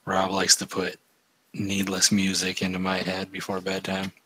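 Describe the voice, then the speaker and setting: Brief: male co-host, deadpan teasing, low voice, dry room. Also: moderate pace, husky, dry recording. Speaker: podcast co-host. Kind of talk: casual chat.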